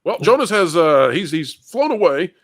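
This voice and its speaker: A man's voice: fairly high pitch, sing-song, normal speed, dry recording, clean studio sound. A man hosting a livestream panel, upbeat and playful, with jokes between introductions. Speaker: host.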